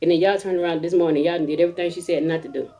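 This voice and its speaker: A woman, a mother, telling a comic story in a casual rant, animated and acting out other people's voices. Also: on the low side, rapid-fire, faint music behind.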